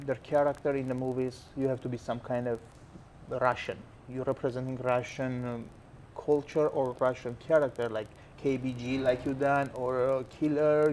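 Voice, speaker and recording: A man hosting a talk show, asking questions in halting, non-native English. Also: mid-range voice, a little mellow, slight background noise. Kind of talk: casual interview.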